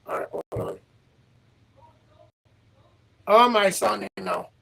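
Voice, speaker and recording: A man hosting a livestream who talks in a halting, repetitive way and keeps asking his audience questions. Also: sits high, gravelly, a bit bright, slightly rough, poor audio. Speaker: livestream host. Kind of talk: casual livestream chat. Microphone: livestream setup.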